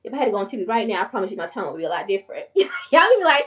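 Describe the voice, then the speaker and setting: A woman in her forties with a country North Carolina accent, talking fast and passionately to her viewers in a casual vlog. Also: mid-range voice, big pitch swings, recorded from a distance, lo-fi sound. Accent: Southern US, North Carolina country. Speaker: channel host and therapist.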